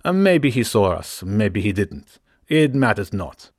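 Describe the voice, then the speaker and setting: A man's voice: on the low side, sing-song, measured pace, no echo, clean studio sound. A man voicing a hulking Russian teenage bully with a put-on Russian accent. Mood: brusque. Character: hulking Russian teen boy, swaggering bully.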